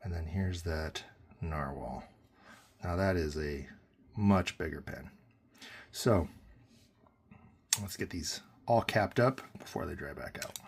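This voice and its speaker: Low husky man reviewing a pen. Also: takes it slowly, long pauses. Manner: relaxed, rambling with fillers and self-corrections. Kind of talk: casual product review.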